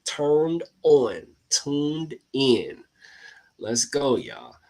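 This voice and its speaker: A man hosting a casual talk to his viewers, excitable and slangy, laughing often and calling out to the audience. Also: medium pitch, very slow. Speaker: host.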